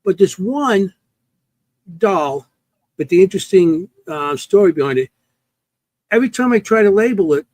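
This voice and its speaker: A man in casual chat, rambling and halting as he explains something. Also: high voice, expressive, a little mellow. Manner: rambling, halting, with many restarts.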